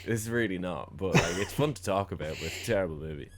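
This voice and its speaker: A man's voice: sits low, fast talker, background noise. A man co-hosting a film podcast, chatting casually and sarcastically, acting out characters' lines and laughing often. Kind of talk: casual film review chat.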